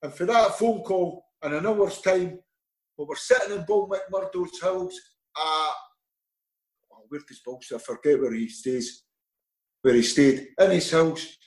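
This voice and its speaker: A middle-aged man with a Scottish accent, a former footballer telling animated anecdotes in an interview, acting out the voices in them. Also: fairly high pitch, measured pace, reverberant, poor audio. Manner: lively, animated storyteller acting out dialogue. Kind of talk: anecdotal storytelling.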